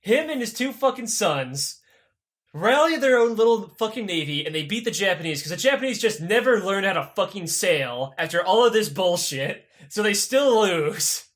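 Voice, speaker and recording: Brief: male co-host, high lively voice, profane, rambling comic history retelling. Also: moderate pace. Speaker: podcast co-host. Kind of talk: casual comedic history retelling.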